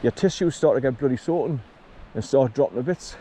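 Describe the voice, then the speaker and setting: A man's voice: mid-range voice, mellow, rough recording. A man, chatting while walking outdoors in windy drizzle, filmed on a chest-mounted camera. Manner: chatty, talks to his dog between remarks. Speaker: vlogger. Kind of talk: casual walking vlog. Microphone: camera on chest harness. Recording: strong wind noise on mic. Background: wind and rushing water.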